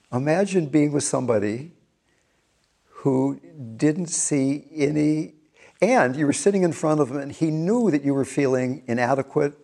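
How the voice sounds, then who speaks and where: Gravelly, mellow older man musing. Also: mid-range voice. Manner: laughs often, musing and tender. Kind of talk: reflective storytelling talk.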